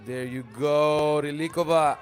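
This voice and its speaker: A man's voice: fairly high pitch, steady tone, measured pace. A man doing live play-by-play commentary for a basketball tournament, joking and chatting between calls. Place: arena at a live 3x3 tournament.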